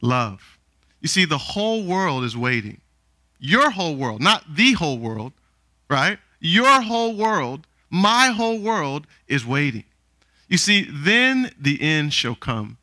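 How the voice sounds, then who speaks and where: A man's voice: fairly high pitch, sing-song, slow, bright, forceful tone, no echo. A man preaching a sermon, often calling out questions for the congregation to answer. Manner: calls for responses from the congregation.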